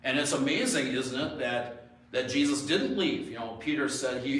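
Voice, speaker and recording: A man's voice: mid-range voice, moderate pace, fairly bright tone, a little hiss or hum. A male pastor delivering a sermon in a church sanctuary, shifting between homely storytelling and emphatic rhetorical questions. His voice sits in an ordinary middle register. Heavy church echo and a distant mic give it a roomy, far-off sound with faint ambience behind.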